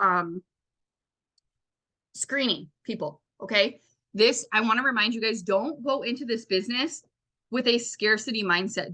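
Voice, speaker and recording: This team leader's mid-range, sharp-toned voice carries a loose, chatty recap to her team, heavy on fillers, as she acts out the things others said.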